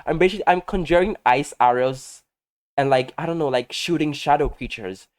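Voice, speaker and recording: A man talking casually over his gameplay, telling gossipy stories in a sassy, animated way and laughing often. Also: on the high side, a little fast. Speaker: game content creator.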